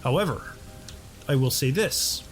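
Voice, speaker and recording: A man's voice: mid-range voice, lively intonation, a little slow, soft background music. Chatty man thinking aloud over gameplay. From North America. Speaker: let's play host. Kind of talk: casual gameplay commentary.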